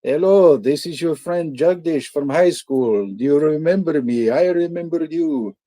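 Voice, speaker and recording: Bright eager caller voice, high and pushy, a man puts it on. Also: measured pace, no room sound, lightly acted. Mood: friendly. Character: overly friendly male prank caller.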